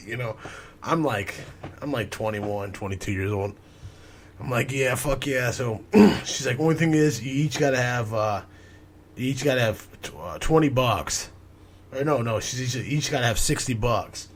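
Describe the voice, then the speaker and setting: A man's voice: on the low side, a little slow, slight background noise. A young man in his twenties hosting a podcast, telling a rambling, profane story in casual chat. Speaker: podcast host.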